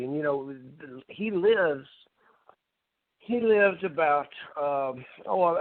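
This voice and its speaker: A male podcast co-host reminisces in an easygoing, unhurried way, with a few fillers along the way. His voice sits at a middle pitch. The sound is dry and thin, like a phone line. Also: dry recording. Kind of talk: casual chat over a call.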